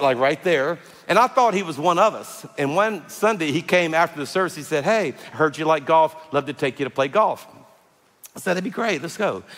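A man, preaching a sermon as pastor, telling stories that move from loud and animated to hushed and tender. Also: a little high. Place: large church hall. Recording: long hall reverb with faint music.

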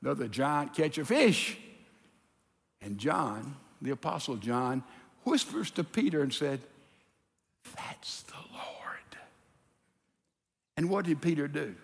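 A pastor preaching a sermon in a lively, animated way, acting out the people in his story. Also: a little high, a little slow, creaky. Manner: animated preaching, acts out quotes. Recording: reverberant hall.

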